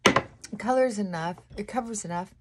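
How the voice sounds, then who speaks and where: A woman's voice: medium pitch, moderate pace, heavy background noise. A woman vlogger in a casual get-ready-with-me chat at home, rambling and cutting herself off, with frequent laughs and sighs as she does her makeup. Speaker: lifestyle vlogger.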